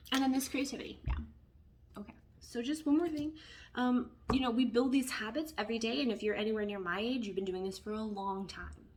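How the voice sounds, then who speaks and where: A woman giving a casual tarot reading, chatty and expressive, who often drops into hushed asides. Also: fairly high pitch. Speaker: tarot reader.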